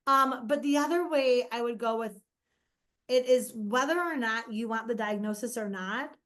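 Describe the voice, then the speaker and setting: A high-pitched woman chatting as an interview guest. She tells animated stories, often laughs and acts out the lines of people she quotes. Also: moderate pace. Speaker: guest, mother of an autistic son. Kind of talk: casual interview chat.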